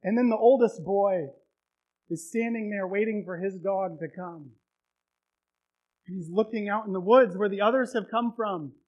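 A male pastor preaching a sermon, retelling a story with emotion and building to loud, heartfelt peaks. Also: high voice, normal speed, low-quality recording.

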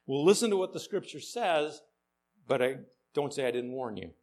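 A man's voice: mid-range voice, lively intonation, normal speed, darkish tone. A male pastor preaching a sermon with dry, ironic humor, often questioning the congregation.

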